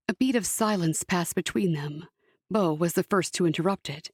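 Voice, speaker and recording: A woman reading an audiobook as narrator, measured storytelling. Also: on the low side, husky, dry recording, clean studio sound. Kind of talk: scripted narration.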